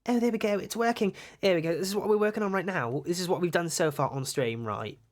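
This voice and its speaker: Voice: mid-range voice, fast talker. A young adult art streamer chatting casually on a livestream, rambling, giggling often and swearing offhand.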